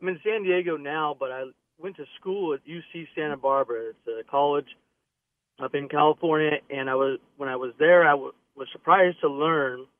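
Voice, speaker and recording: A man's voice: a little high, dry recording. A man calling in to a radio talk show and telling a story in a plain, conversational way. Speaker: caller. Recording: tinny phone line.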